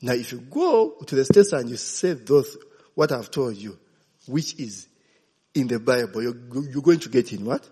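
A man's voice: mid-range voice, big pitch swings, normal speed, dark tone, breathy edge. A male preacher delivering an emphatic sermon, often checking with the congregation. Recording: echoey hall reverb.

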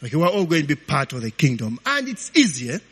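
A man preaching, telling stories in an animated, informal sermon, often tagging lines with "eh?". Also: a little high, fast, slightly rough. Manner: animated, peppers talk with "eh?" and laughs. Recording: long hall reverb.

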